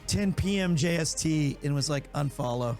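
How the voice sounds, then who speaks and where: A man with a high voice chats casually on a live stream. He tells long, self-interrupting stories. Faint music plays under his voice. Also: moderate pace, darkish tone. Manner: rambling, self-interrupting anecdotes. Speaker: streamer hosting a watch party. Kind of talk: casual chat, storytelling to chat. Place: home streaming studio.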